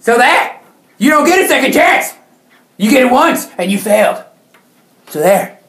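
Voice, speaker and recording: A woman voicing a stern, unbending female schoolteacher who talks in a flat, dismissive way, in a roomy echo. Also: a little high, measured pace, voice pushed up.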